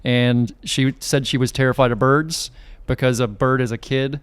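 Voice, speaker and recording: Joking podcast host with a clear voice. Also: medium pitch, steady tone, no echo. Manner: joking, laughs often, quick asides. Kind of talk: casual chat.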